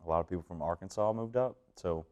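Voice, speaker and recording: A young man from southern Indiana with a twangy drawl, answering interview questions in a slow, laid-back way. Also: low-pitched, darkish tone, muffled recording. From Indiana, USA. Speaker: country singer interviewee.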